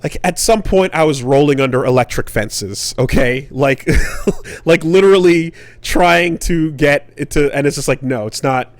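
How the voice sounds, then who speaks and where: A man's voice: on the high side, measured pace, dry recording. A man co-hosting a podcast, telling a long casual story full of fillers and swearing. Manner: rambling and profane, with many fillers. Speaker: podcast co-host.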